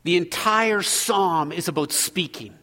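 A man preaching a sermon as pastor, earnest, moving between loud exhortation and hushed prayer. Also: high voice, measured pace, long reverb tail.

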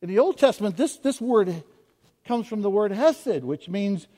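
A man preaching a sermon as pastor, impassioned, swinging from quiet to loud and piling up rhetorical questions. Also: high voice, sing-song, a little slow. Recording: long hall reverb.

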